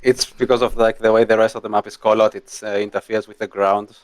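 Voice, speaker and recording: A man's voice: fairly low pitch, flat delivery, quick pace, a little hiss or hum. A man playing a tabletop game over chat, matter-of-fact and explaining the rules. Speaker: player.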